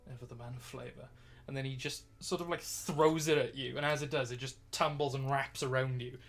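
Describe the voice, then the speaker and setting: A man's voice: medium pitch, fairly even intonation, fairly quick, a bit bright, faint music behind. A British man narrating as dungeon master in a chatty, rambling way with many fillers. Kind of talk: narrating a tabletop game.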